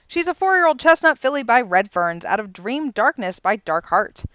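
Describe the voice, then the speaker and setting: A woman hosting a simulated horse racing broadcast, calling races with rising excitement in the stretch and chatting casually about the horses between races. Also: fairly high pitch, normal speed, hardly any pauses, no echo, studio quality. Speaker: race caller and stream host. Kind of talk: live horse race commentary with casual asides.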